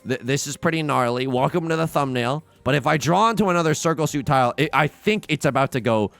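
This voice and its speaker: A young man giving casual, excitable commentary on his own gameplay, talking to viewers and trash-talking opponents. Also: on the high side, fast, vocal fry. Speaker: let's play host. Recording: game music underneath.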